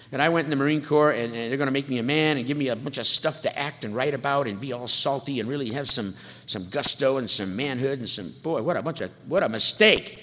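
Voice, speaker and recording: Speaking fast in a medium-pitched, slightly bright voice, a San Fernando Valley man recounts his life at a recovery meeting. His storytelling is funny, full of wisecracks and performed impressions of the people he quotes, captured in an echoey hall with faint noise behind him.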